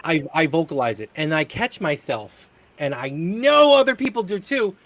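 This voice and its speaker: A man's voice: fairly high pitch, lively intonation, moderate pace, a bit bright, no room sound. A man hosting a casual chat show, telling stories in a rambling way with casual swearing. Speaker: host.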